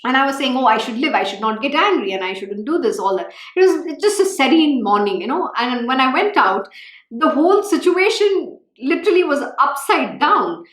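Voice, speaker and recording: Woman, spiritual teacher; fervent, emphatic reading, animated pitch, roomy echo. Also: normal speed. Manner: fervent, emphatic, repeats phrases. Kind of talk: devotional scripture reading and talk.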